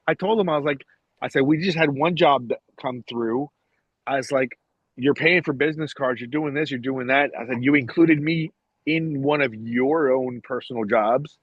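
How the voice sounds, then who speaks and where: A man's voice: medium pitch, normal speed, breathy edge, no room sound, muffled recording. A man in a casual podcast chat, telling a rambling, profane story and acting out what others said to him. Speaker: podcast guest.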